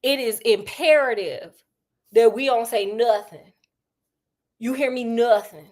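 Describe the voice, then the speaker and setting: A woman's voice: fairly high pitch, a little slow, a little mellow, lightly acted. A woman doing a sassy, scolding Sherlock Holmes. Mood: stern. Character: sassy, exasperated male detective Sherlock Holmes. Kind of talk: casual comic story retelling.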